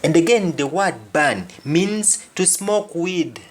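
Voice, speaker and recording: A man's voice: a little high, big pitch swings, slow pace, slight background noise. A man teaching a language lesson, explaining carefully and repeating each example phrase twice before translating it.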